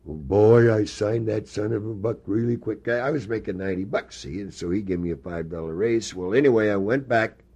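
A man's voice: fairly low pitch, fairly quick, hardly any pauses, mellow, breathy edge. An older man telling rambling, folksy stories in an oral history interview. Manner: rambling storyteller, folksy, many fillers. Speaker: interviewee, former ballplayer.

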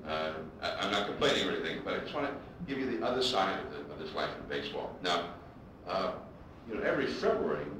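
Male baseball broadcaster, storytelling speech, animated pitch, echoey hall, distant mic. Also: quick pace, hardly any pauses, a little hiss or hum. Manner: animated anecdotes, acting out quotes.

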